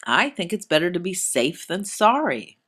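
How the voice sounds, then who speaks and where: A woman's voice: fairly low pitch, sing-song, normal speed, a bit bright. A woman doing playful, teasing voice-over asides for a cooking show.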